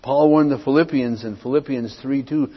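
Emphatic pastor in an echoing hall. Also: male voice, mid-range voice, steady tone, moderate pace, breathy edge. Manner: emphatic, repeats points, checks in with "okay?". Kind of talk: expository sermon. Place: church sanctuary. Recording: dull lo-fi audio with long hall reverb.

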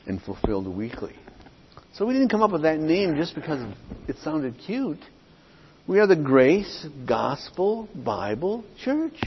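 Emphatic pastor in an echoing hall. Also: male voice, on the high side, husky. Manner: emphatic, repeats points, checks in with "okay?". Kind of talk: expository sermon. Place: church sanctuary. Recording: dull lo-fi audio with long hall reverb.

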